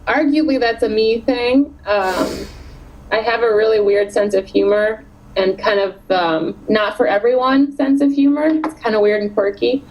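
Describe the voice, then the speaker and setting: A woman author in her thirties chatting in an interview, animated and quick to laugh. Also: fairly high pitch, slight background noise, rough recording. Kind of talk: casual interview chat.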